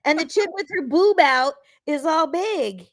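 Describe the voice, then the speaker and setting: Animated high-voiced woman co-host, lively and laughing. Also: a little slow. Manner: animated, bursts into loud laughs, exclaims. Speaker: podcast co-host. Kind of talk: casual chat.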